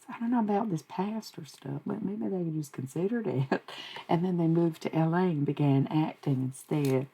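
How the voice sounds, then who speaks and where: Streamer, woman, casual profane monologue; husky voice with vocal fry. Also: lowish voice, moderate pace, warm tone. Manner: swears freely, chatty and rambling. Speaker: livestreamer channeling spirits.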